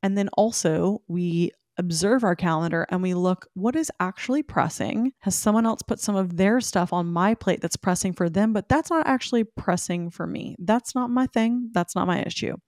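A woman hosting a solo podcast. She gives listeners animated, emphatic pep talks and speaks to them directly. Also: mid-range voice, normal speed, hardly any pauses, dry recording, studio quality. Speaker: podcast host. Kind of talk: solo podcast talk, motivational.

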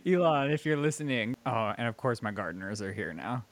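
A man co-hosts a podcast in casual, talkative chat. He is supportive and asks gentle questions. His voice sits at an ordinary pitch and sounds close and dry. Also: expressive, a little fast, no echo. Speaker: podcast co-host.

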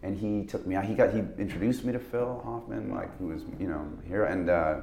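Man, deep voice, actor guest, rambling anecdotes, laughing, roomy echo. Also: brisk, gravelly, darkish tone. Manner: rambling, laughing, full of restarts. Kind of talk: casual interview chat.

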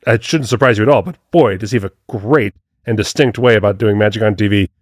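A man co-hosting a podcast in casual chat, animated and laughing a lot. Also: lowish voice, fast, no room sound, studio quality. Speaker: podcast co-host.

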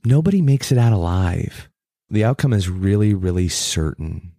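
A man's voice: low voice, lively intonation, moderate pace, mellow, no room sound, clean studio sound. A man who is a teacher and speaker, telling a personal story in a conversation in an earnest, reflective and intense way.

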